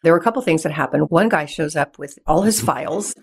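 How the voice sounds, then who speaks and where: Woman guest, low-pitched, animated storyteller who laughs a lot. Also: fast, slightly rough. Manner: animated, laughs often, acts out dialogue. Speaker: podcast guest, real estate investor. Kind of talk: conversational storytelling.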